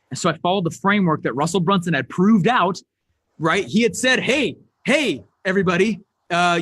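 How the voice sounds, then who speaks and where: A man with a high, light voice gives an animated business talk from a stage. The sound is dry and close, with little room around it, and he rises to near shouts on his key points. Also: no room sound. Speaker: speaker.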